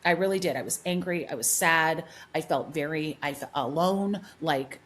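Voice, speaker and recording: A middle-aged woman with a fairly low voice tells stories with heavy emphasis, circling back to repeat her points. She talks as a hairdresser guest in a relaxed podcast chat. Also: moderate pace. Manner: emphatic storyteller, many restarts and repeats. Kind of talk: animated podcast conversation.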